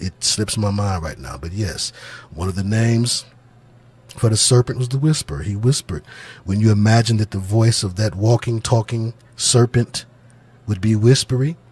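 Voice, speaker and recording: A man giving spoken religious commentary on song lyrics, talking in a deliberate, musing, sermon-like way and circling back to repeat his points. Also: on the low side, a little mellow, husky. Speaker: channel host, religious music commentator.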